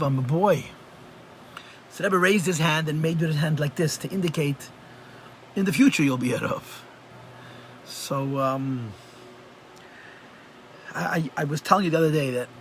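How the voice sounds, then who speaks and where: A man's voice: on the high side, a bit bright, slight background noise. A man teaching a live online class as a rabbi, talking conversationally and repeating phrases for emphasis. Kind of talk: live online Chassidus lesson. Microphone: computer mic on a video call.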